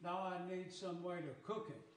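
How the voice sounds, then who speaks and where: A man's voice: high voice, fairly even intonation, normal speed, a little hiss or hum, lightly acted. A man voicing a cheerful caveman inventor in a folksy storytelling tone.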